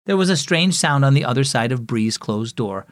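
A man hosting and narrating a children's devotional story, upbeat and expressive, speaking to kids. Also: mid-range voice, moderate pace, dry recording, clean studio sound. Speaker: host and narrator.

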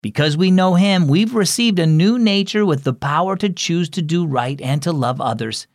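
A man voicing a gentle, patient Christian mother in a children's storybook reading, calmly explaining things to her kids. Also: a little high, moderate pace, dry recording, studio quality, pitched above the performer's own voice, lightly acted.

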